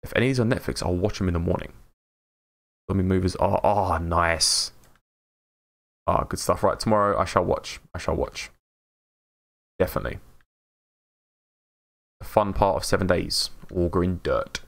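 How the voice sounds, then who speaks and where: Man, English accent, low voice, gravelly, chatty live streamer, upbeat. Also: normal speed, pauses often, fairly bright tone. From England. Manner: chatty and upbeat, greets chat by name, laughs often. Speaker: game streamer. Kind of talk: casual live-stream chat while gaming.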